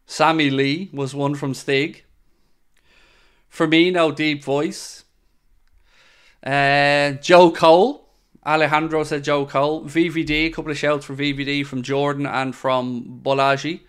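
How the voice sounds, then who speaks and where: With a clear, resonant voice on the high side, a young man hosts a podcast and reads live-chat comments aloud. He keeps a measured pace with little pitch movement, chatting opinionatedly with frequent fillers and asides.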